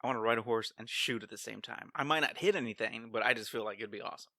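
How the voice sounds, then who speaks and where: A man co-hosting a podcast in casual chat, laid-back and quick to laugh. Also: mid-range voice, pushed and bright, no room sound, studio quality. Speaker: podcast co-host.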